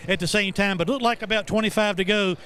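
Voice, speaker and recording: A male pit reporter with a high, bright and forceful voice. He calls out excitedly over the victory lane celebration, outdoors at the track. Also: quick pace, clear, resonant tone. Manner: excited, raised voice.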